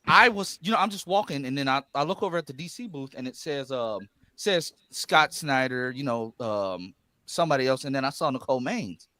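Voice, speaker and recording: A man excitedly telling a convention story in casual chat on a live stream, stumbling over restarts. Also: mid-range voice, fairly quick, dry recording. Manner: excited, animated anecdote telling with stammered restarts. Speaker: streamer panel guest.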